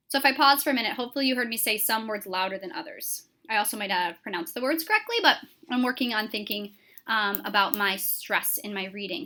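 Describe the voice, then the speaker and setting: A woman teacher giving a recorded lesson to her class, explaining clearly with frequent "um" fillers. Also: mid-range voice, animated, quick pace, pushed and bright.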